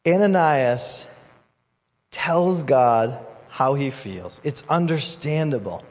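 A man preaching a sermon as pastor, conversational and animated, acting out voices in the story. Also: mid-range voice, takes it slowly. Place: church hall. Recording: long hall reverb.

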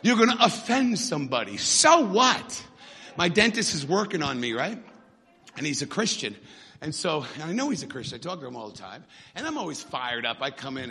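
A man preaching a fiery sermon, often shouting and building to fervent peaks. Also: high voice, big pitch swings, normal speed, husky, big-room sound, some chatter behind.

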